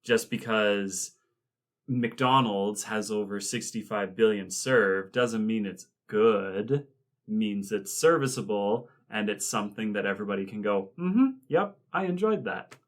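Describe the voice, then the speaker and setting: A man with a fairly low voice co-hosts a casual podcast chat. He recaps scenes in a rambling, animated way and drifts into asides. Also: a little slow. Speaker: podcast co-host.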